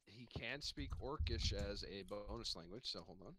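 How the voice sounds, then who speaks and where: A man's voice: fairly low pitch, moderate pace, a bit bright. A man running a tabletop game as game master, chatting casually with lots of fillers.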